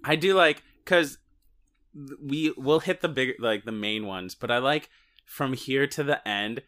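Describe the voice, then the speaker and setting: A man's voice: mid-range voice, unhurried, a bit bright. A man co-hosting a casual podcast, talking through a movie in rambling, self-interrupting sentences with joking asides. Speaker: podcast co-host. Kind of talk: casual movie-recap chat.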